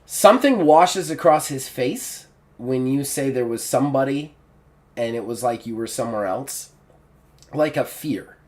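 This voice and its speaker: A man's voice: mid-range voice, animated, a little slow. A man narrating a tabletop game as game master in a casual, rambling way. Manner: casual, rambling with fillers and restarts.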